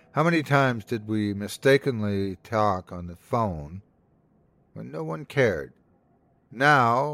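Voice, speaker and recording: A man's voice: on the low side, a bit bright, no echo. A man hosting a podcast, giving dramatic scripted narration of a horror story.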